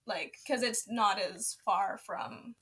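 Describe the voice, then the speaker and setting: A woman's voice: mid-range voice, slow pace, fairly bright tone, breathy edge. Chatty woman filling talk with "like". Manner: lots of "like" and trailing asides. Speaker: podcast co-host. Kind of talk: casual podcast chat.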